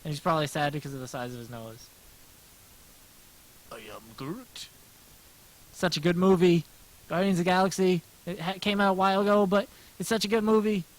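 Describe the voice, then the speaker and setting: Gentle smooth-voiced American man. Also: sits high, fast talker, poor audio. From United States. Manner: rambling, self-deprecating, answers chat aloud. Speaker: livestreaming artist. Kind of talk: casual livestream chat while drawing.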